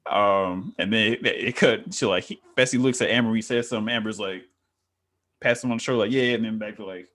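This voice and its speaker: A man's voice: lowish voice, steady tone, brisk, a bit bright. A man co-hosting a casual review chat, laid-back and slangy, acting out quotes from the show. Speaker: co-host reviewing a reality show.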